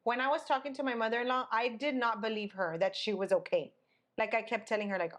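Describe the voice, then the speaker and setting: A woman's voice: medium pitch, fast, fairly bright tone. A young woman co-hosting a podcast, telling a story in casual chat. She tells it dramatically and acts out the people she quotes. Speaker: podcast co-host.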